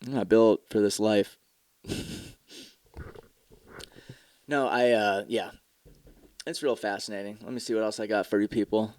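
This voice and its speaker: A man's voice: fairly low pitch, steady tone, normal speed, a little mellow, no room sound. Young male podcast host, worn out, profane and sarcastic, dry close sound. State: tired. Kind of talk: casual solo podcast rant.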